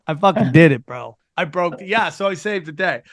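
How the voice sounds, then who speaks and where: A man who is a stand-up comic and podcast host, telling a profane story in an animated way and acting out quotes. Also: on the high side, fairly quick, no room sound, clean studio sound.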